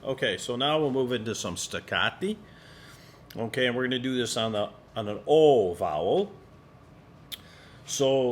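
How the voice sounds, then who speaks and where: A man leading a singing warm-up lesson as a voice teacher, calm and encouraging. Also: mid-range voice, a little hiss or hum. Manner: calm, encouraging instructor, demonstrates sung vowels. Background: piano accompaniment.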